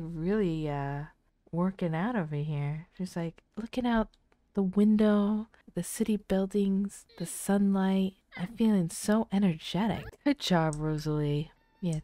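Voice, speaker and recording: A soft-spoken woman narrating a game playthrough in casual commentary. Her voice is low, mellow and unhurried, and she often drops into near-whispers. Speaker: let's play host.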